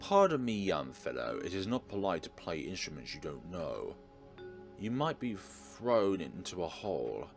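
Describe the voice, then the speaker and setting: A man's voice: low-pitched, big pitch swings, unhurried, faint music behind, heavily acted. A man voicing a stern, touchy enchanted harp, speaking in a haughty, scolding way.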